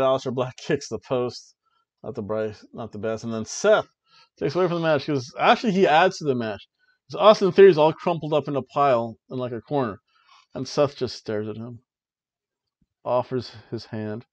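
A man co-hosting a podcast, casually recapping a wrestling show in an excited play-by-play way with jokey asides. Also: mid-range voice, normal speed. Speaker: podcast co-host.

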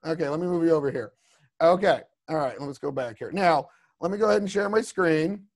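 Slightly high, slightly quick, and a little mellow, this man's voice carries a casual creature design class held over video call. He rambles chattily, drifting into asides and leaning on "you know what I mean."

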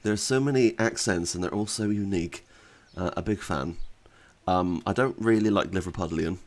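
A gaming YouTuber from Bath with a West Country English accent, chatting in a rambling, self-deprecating way over gameplay. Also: male voice, sits low, moderate pace, a little mellow. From Bath, England. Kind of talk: casual gameplay commentary.

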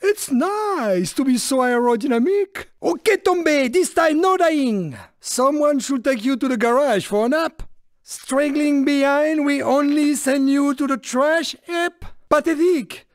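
A man's voice: very high voice, expressive, a little slow, no echo, studio quality. An actor playing a shifty little male French car in a video game, taunting rivals in a theatrical French accent. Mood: gloating. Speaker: game character.

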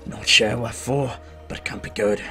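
A man voicing a mysterious male elf quest-giver in a strange put-on accent, low and hushed. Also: fairly even intonation, normal speed, faint music behind. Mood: grave, hushed.

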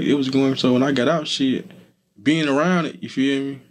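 Speaking at normal speed with a steady, medium-pitched voice, a young adult man answers as an interview guest. The talk is casual street-interview style, easygoing and heavy with fillers like "you feel me."

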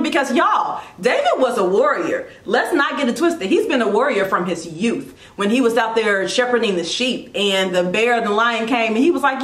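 A woman giving a casual devotional talk about leadership, animated and chatty, with quick asides and self-corrections. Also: fairly high pitch, reverberant. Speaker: Christian blogger giving devotional teaching.

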